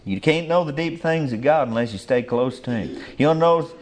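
A man's voice: on the high side, expressive, a little fast. An older man, preaching a sermon in a folksy, rambling way with rural grammar.

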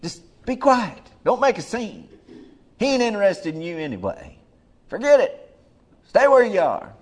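Brief: impatient crowd hushing a beggar, high and dismissive, put on by a male preacher. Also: big pitch swings, unhurried, full character voice. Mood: scolding. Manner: shrill, dismissive, high-pitched scolding.

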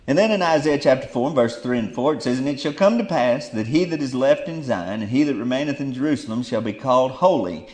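A middle-aged man preaching a fiery Bible sermon. He drops to low murmurs, then bursts into loud exclamations.

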